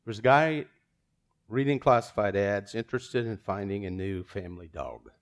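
A man's voice: fairly low pitch, expressive, normal speed. A man preaching a sermon in church, casual and self-deprecating, with chuckling asides and a joke woven in.

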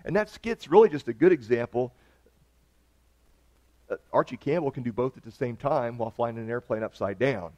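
A man's voice: medium pitch, moderate pace, warm tone. A man pastor preaching an earnest, conversational sermon. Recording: dull lo-fi recording.

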